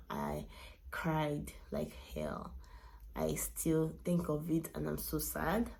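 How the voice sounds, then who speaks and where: A young woman telling her pregnancy story to camera in a casual, animated way, laughing often and going hushed on sad parts. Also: on the low side, creaky. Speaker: vlogger.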